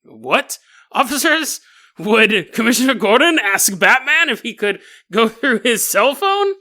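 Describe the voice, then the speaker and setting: Pompous self-appointed hero, put on by a man, theatrical, bright and lively. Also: very high voice, measured pace, pitched above the performer's own voice, heavily acted. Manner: grandiose, theatrical declarations.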